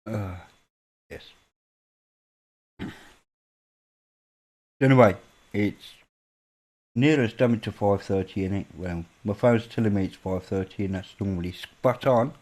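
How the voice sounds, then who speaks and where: A man's voice: lowish voice, slow pace, pauses often, darkish tone. A man with a northern English accent, rambling through a casual late-night livestream chat with viewers in British slang. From northern England. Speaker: livestream host.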